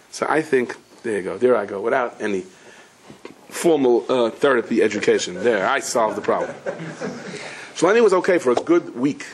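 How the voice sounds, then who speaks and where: A man's voice: mid-range voice, expressive, moderate pace, slight background noise. A rabbi giving a storytelling sermon, talking to his audience in a casual, joking way and answering his own questions. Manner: conversational, humorous, asks the audience questions and answers them.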